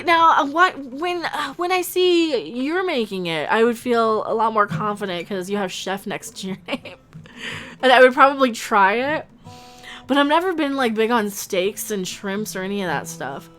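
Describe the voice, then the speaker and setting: A woman on a casual livestream who chats and rambles as she answers the chat. She is excitable, with gasps and little laughs. Soft music plays faintly behind her. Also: fairly high pitch. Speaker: livestream host reading chat.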